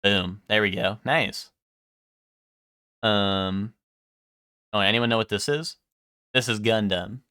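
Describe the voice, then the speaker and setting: A young man streaming live and chatting casually with his viewers, rambling, swearing freely and filling pauses with "um". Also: fairly low pitch, fairly even intonation, sharp tone, smooth, no room sound, studio quality. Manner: rambling, swears a lot, full of ums.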